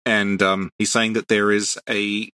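A man's voice: lowish voice, flat delivery, measured pace, sharp tone, smooth, no room sound. A man co-hosting a podcast, explaining game lore patiently in casual chat and laughing often. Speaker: podcast co-host.

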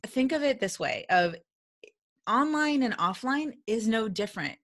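An animated woman coaching on business in a casual, candid talk. She slips into lively acted-out dialogue to make her points, laughs often and swears mildly. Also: fairly high pitch, measured pace. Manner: candid and blunt, with mild swearing.

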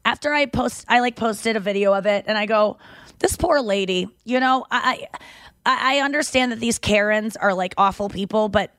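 A woman's voice: mid-range voice, normal speed, fairly bright tone, no room sound. A woman hosting a podcast in casual chat, swearing freely and acting out the people in her stories. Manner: swears freely, tells stories with acted-out quotes. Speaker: podcast host. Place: makeshift home studio.

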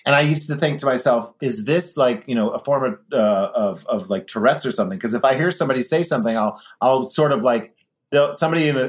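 A chatty man talking as a guest in a relaxed interview. He tells stories with energy and now and then imitates other people. His voice sits at an ordinary pitch. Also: a little fast. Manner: chatty, animated storyteller, mimics voices in anecdotes. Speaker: guest, drag performer. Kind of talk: casual interview chat.

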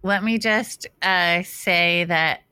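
A woman's voice: lowish voice, slow pace, sharp tone, smooth, no echo, clean studio sound. A woman from Australia co-hosting a podcast, chatting casually and laughing often. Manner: laughs often, self-deprecating. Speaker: podcast co-host. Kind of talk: casual chat.

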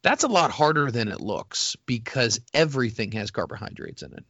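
A man in easygoing banter who rambles and pokes fun at himself, his voice bright and forward. His pitch swings a lot as he talks. The sound is dry and a little muffled. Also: very animated, normal speed, dry recording. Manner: rambling, self-deprecating, laughs often. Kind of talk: casual banter.

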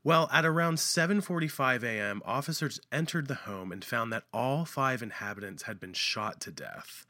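Male podcast co-host with a crisp, bright voice, reading case details with jokes in between. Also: medium pitch, expressive, moderate pace, hardly any pauses, dry recording, studio quality. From United States. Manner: jokey, reads case notes aloud. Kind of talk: casual chat and case reading.

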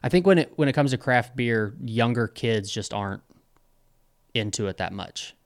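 A young man talks through a casual podcast chat, wandering through his stories with plenty of ums and restarts. His voice is smooth and resonant, recorded close and dry with no room sound. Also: mid-range voice, animated, moderate pace, no echo. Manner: rambling, many fillers and restarts. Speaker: podcast co-host.

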